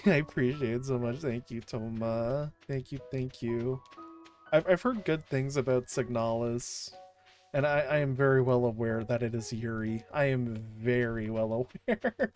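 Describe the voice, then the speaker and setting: A woman streamer chatting casually on a livestream, gushing and excitable, often restarting her sentences. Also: extremely low pitch, measured pace, faint music behind.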